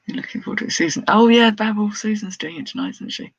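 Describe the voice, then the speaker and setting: Husky-voiced woman chatting on a live stream. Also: medium pitch, fast, no room sound, dull audio. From United Kingdom. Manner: chatty, laughs often, reads out viewer comments. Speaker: clothes reseller streaming live. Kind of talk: casual live-stream chat while showing items.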